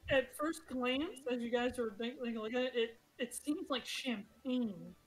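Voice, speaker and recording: A woman's voice: on the high side, a little slow, low-quality recording. A woman narrating as game master, chatty and prone to laughing. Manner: giggly, chatty narration with fillers. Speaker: dungeon master.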